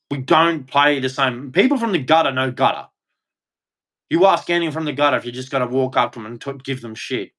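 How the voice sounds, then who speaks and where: A man's voice: medium pitch, a bit bright. An Australian man delivering an angry, blunt, crude rant on a livestream, repeating himself as he goes. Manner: blunt, crude, heated, repetitive. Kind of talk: angry ranting monologue.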